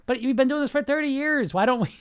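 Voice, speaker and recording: A man's voice: very high-pitched, quick pace, clear, resonant tone, no room sound, clean studio sound. Blunt, profane male podcast coach. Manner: blunt, profane, fires rhetorical questions; mocks listeners with put-on whiny voices. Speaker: weight loss coach and podcast host. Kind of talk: casual podcast monologue.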